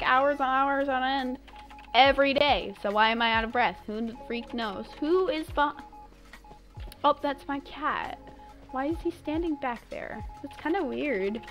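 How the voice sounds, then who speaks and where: A young woman chats playfully through a live game stream, giggling and humming silly made-up tunes. Her voice sits high and her pace is slow and easy. Faint game music plays underneath. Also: a bit bright. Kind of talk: casual live-stream chatter while gaming.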